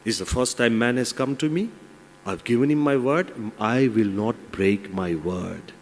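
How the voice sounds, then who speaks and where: A man's voice: medium pitch, expressive, measured pace, slight background noise. A man voicing a loyal, principled male monkey in a fable, firm and indignant. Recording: long reverb in large hall.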